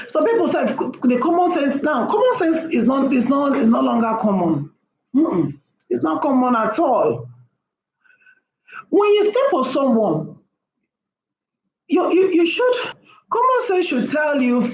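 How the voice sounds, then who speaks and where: A woman's voice: high-pitched, big pitch swings, unhurried, a little mellow, echoey room, rough recording. A woman talking casually to camera as a vlogger, emphatic and repeating her points for stress.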